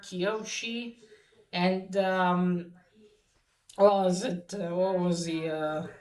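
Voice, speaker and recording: Woman, casual recap host, slow and halting with lots of fillers, roomy echo on the track. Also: mid-range voice, fairly bright tone. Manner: hesitant, many fillers and restarts. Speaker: podcast host recapping a comic. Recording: echoey room.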